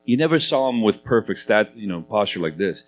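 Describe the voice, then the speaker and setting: A middle-aged man, a guest actor on a live convention panel, telling animated stories in a chatty way. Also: lowish voice, fairly quick, slight background noise. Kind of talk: live panel interview, storytelling.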